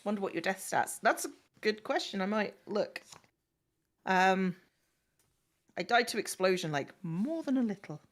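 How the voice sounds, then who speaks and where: A woman guesting on a live stream, chatting in a relaxed way and thanking viewers. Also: mid-range voice, moderate pace, long pauses. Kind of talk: casual chat.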